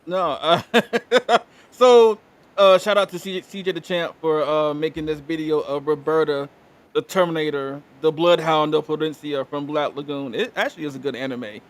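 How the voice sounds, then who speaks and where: A man hosting a casual live stream chat, laughing often and relaxed. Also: on the high side, normal speed. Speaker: host.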